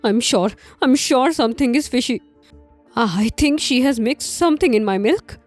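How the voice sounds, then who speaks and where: A woman's voice: fairly high pitch, expressive, moderate pace, faint music behind, close to an everyday voice. An actress playing a defiant, suspicious pregnant young girlfriend who talks in a demanding, confrontational way.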